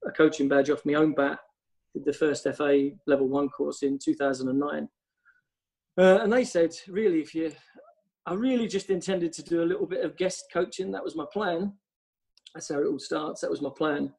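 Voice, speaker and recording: A man's voice: fairly high pitch, darkish tone, poor audio. A man, a football coach, telling long casual stories on a podcast, rambling with lots of ums. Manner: rambling anecdotes with frequent ums.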